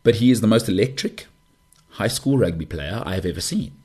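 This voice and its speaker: A man hosting a podcast, talking in a low, husky voice. He rambles through a casual monologue, full of jokey asides and excited outbursts. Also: fairly quick. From South Africa. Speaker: podcast host.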